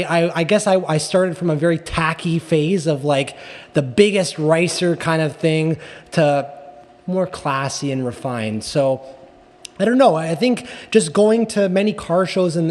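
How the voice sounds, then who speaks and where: Rambling man with a slightly high voice. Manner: rambling with many restarts and tag questions. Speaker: guest, car enthusiast. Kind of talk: casual interview chat. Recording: long reverberant echo.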